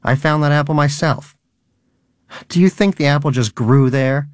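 A man's voice: mid-range voice, normal speed, no echo, studio quality, voice pushed up, close to an everyday voice. A man voicing a devout, earnest male hamster in an audiobook, preachy in tone. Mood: fervent.

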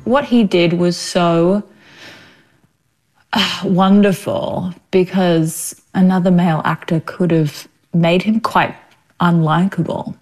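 A woman's voice: fairly low pitch, fairly even intonation, slow pace, a little mellow, soft background music. An Australian woman in her thirties, an actress chatting as a guest in an interview, talking freely with frequent laughter. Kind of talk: casual interview.

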